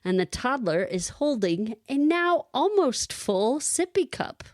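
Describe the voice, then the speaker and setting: A woman co-hosting a podcast, telling a lively personal story in casual chat and laughing often. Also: a little high, measured pace. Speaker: podcast co-host.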